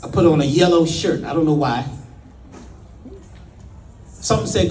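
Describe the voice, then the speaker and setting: A middle-aged man telling a personal story in a folksy, dramatic way, with long pauses, as a spiritual speaker. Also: fairly high pitch, a little mellow, far from the mic, a little hiss or hum. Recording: echoey room, away from the mic.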